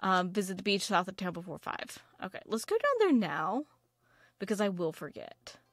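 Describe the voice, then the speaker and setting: A woman's voice: medium pitch, big pitch swings, normal speed, fairly bright tone, dry recording, studio quality. A woman giving casual, rambling let's-play commentary while playing a video game, full of fillers and restarts. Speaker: gaming video creator.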